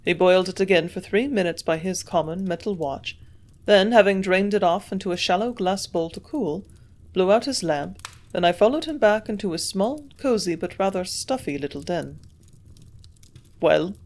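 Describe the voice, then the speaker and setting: A woman reading a novel aloud as narrator, in a quiet, measured way. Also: mid-range voice, lively intonation. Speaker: audiobook reader. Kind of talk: scripted narration.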